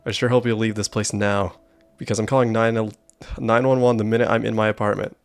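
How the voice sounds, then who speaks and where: A man's voice: fairly low pitch, flat delivery, brisk, creaky, smooth, no echo. A man putting on a prying, suspicious old neighbor. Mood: indignant. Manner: prying, stern, scolding. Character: nosy suspicious elderly male neighbor.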